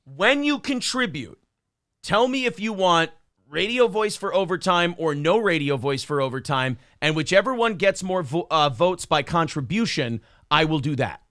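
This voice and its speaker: A man's voice: fairly high pitch, animated, moderate pace, fairly bright tone, no room sound, clean studio sound. A man, hosting a show in casual chat, joking loosely and reading donor messages. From Minnesota. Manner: joking, loose, many fillers. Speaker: show host.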